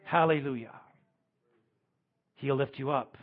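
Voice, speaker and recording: A man preaching a sermon as pastor, swinging between loud emphatic lines and quiet ones. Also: sits high, lively intonation, a little slow, pauses often, slightly rough, highs cut off.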